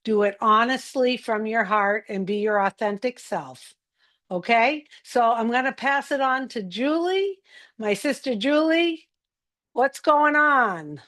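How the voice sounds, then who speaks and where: A woman presenting casually to viewers, slow and encouraging, with frequent fillers. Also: a little high, animated, a bit bright. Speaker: community presenter.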